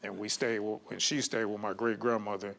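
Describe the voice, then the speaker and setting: A man's voice: on the low side, little pitch movement, brisk, gravelly, fairly bright tone. Man telling a story, loose and chatty. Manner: loose, conversational, lots of "you know what I'm saying". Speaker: guest comedian. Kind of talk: casual personal storytelling.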